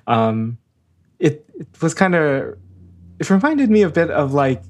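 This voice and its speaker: Man, podcast co-host, casual music chat, slow, halting, thoughtful. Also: fairly high pitch, big pitch swings. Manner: hesitant, stumbling restarts, thoughtful.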